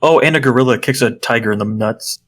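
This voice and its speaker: A young man co-hosting a podcast, telling a story in a casual, animated way and swearing freely. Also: medium pitch, fast. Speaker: podcast co-host. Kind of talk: casual chat.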